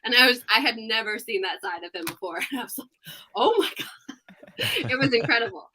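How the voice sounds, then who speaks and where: A woman in her thirties, a sports reporter guest on a casual podcast interview, telling stories in an animated way and laughing often. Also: fairly high pitch, fast talker, noisy background.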